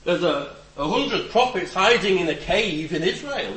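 A man preaching a conversational sermon, reflective with gentle humor and a voice that rises and drops for emphasis. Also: high-pitched, expressive, measured pace, few pauses, reverberant, rough recording.

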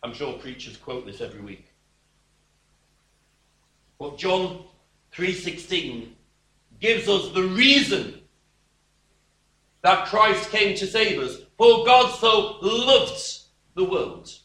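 Slow, high-voiced preacher in an echoey room. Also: male voice, sing-song. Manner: slow, emphatic preaching with sudden drops to a quiet voice. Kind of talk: sermon.

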